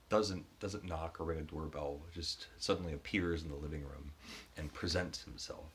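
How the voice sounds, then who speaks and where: A man giving a casual book review, retelling the story in a halting way with frequent restarts. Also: sits low, slight background noise.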